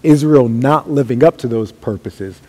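A man preaching a sermon with a dark, mellow voice that has a husky edge. He talks in an emphatic way and builds up to raised calls. A long reverb trails behind him in a big church hall. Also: medium pitch, normal speed.

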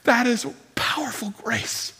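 A man delivers an impassioned, dramatic sermon from the pulpit, his voice high and bright with a husky edge. His words ring out through a church sanctuary with a long, trailing reverb. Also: unhurried. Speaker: pastor. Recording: long reverb from a large hall.

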